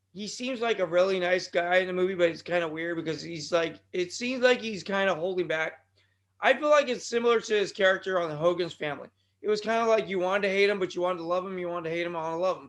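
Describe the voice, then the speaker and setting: Male podcast host, high-pitched voice, rambling and digressive, bursts of shouting, scratchy throat. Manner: digressive, with sudden loud outbursts. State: throat bothering him. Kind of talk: rambling solo podcast talk.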